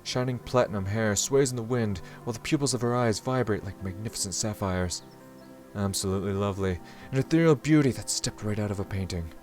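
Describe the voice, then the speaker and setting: A man's voice: on the low side, brisk, a little mellow, faint music behind, close to an everyday voice. A man reading aloud the inner monologue of a formal, flustered young male samurai from a visual novel. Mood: earnest.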